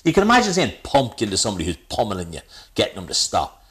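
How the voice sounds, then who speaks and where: A podcast co-host with a lowish, fairly bright voice talks at a quick pace, his pitch swinging hugely. Playful and teasing, he ribs his friend and laughs often in their casual comedic chat.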